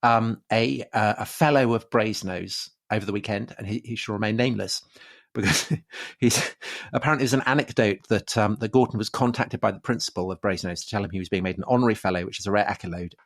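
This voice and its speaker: Speaking quickly in a fairly low pitch, an Englishman co-hosts a relaxed history podcast. His delivery is full of fillers and false starts, punctuated by chuckles between points.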